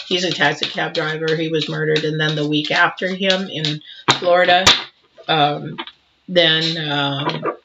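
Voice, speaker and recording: A man giving an intuitive tarot reading to camera, earnest and a little emotional, talking in halting runs with frequent restarts. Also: on the high side, lo-fi sound, heavy background noise. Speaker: tarot reader.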